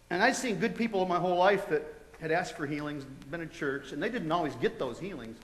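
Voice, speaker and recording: A man giving a testimony to students, telling it in an animated way and acting out his own reactions. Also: a little high, fairly quick. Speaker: guest speaker sharing a testimony. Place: large college hall. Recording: echoey hall.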